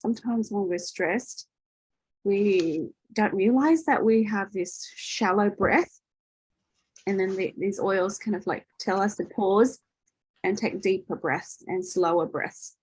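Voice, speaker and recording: A woman hosts an online workshop from a video call and talks loosely and chattily, full of "um"s and "okay?"s. Her voice is a touch husky. The sound is dry and close. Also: mid-range voice, slow pace, no room sound, rough recording. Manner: chatty, loose, with many fillers and tag questions. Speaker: workshop host. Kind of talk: casual teaching in an online workshop.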